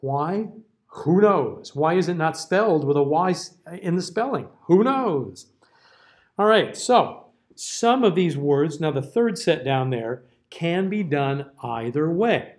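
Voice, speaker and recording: A man's voice: a little high, expressive, a little slow, darkish tone. An American man giving a classroom diction lecture, carefully over-enunciating example words. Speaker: diction teacher.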